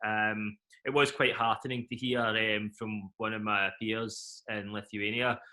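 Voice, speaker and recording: A man's voice: on the low side, little pitch movement, a little slow, bright, forceful tone. A young man with a Glaswegian Scottish accent, answering interview questions as an event company head, with many fillers and easy laughter. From Scotland.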